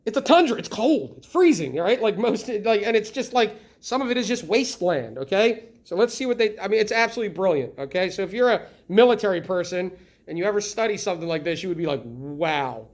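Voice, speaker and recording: A middle-aged man teaching a history lesson in a classroom, lively and constantly checking in with the students by asking questions. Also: sits high, quick pace. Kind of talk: classroom lecture.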